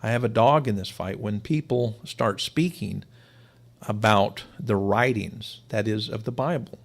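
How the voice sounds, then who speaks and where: A man's voice: fairly low pitch, a little slow, creaky. A man teaching to a live audience, explaining his points emphatically and sometimes repeating words for stress. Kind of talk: live-streamed lecture.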